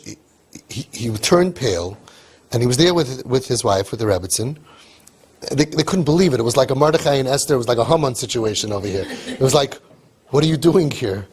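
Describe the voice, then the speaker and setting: A man giving an animated storytelling talk, acting out quoted voices and mixing in Yiddish and Hebrew terms. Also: mid-range voice, breathy edge. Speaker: speaker on outreach to youth.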